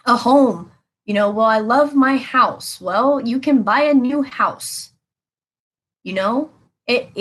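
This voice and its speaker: Woman tarot reader, chatty, earnest, repeats points for emphasis, mid-pitched everyday voice. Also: poor audio. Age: adult with children. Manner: earnest, rambling and repetitive, with emphatic advice. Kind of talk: casual spoken tarot reading to viewers.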